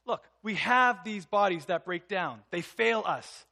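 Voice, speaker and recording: A male pastor with a high, bright, somewhat creaky voice delivers an expressive sermon a little slowly. He reads a passage aloud, then explains it with earnest emphasis, often dropping to a hushed tone to drive a point home.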